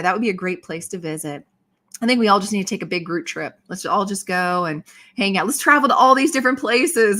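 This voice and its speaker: A bubbly woman in her thirties chats casually as a livestream host and reads out viewer comments. Her voice is bright and forward, and she laughs often. She sounds like she is at home on a desk mic. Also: mid-range voice.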